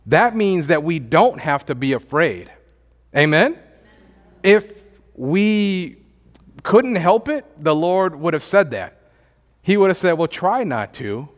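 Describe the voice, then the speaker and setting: A man's voice: a little high, expressive, takes it slowly, pauses often, in a large hall. A man preaching a sermon as pastor, emphatic and repetitive, often asking the congregation for an amen. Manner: emphatic, repeats phrases, asks the congregation "amen?". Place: church.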